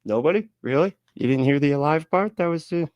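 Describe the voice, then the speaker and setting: A man's voice: a little high, lively intonation, fairly quick, a little mellow, dry recording, clean studio sound. Sarcastic man hosting a live reaction. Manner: sarcastic, laughing, jokey asides. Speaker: reaction stream host.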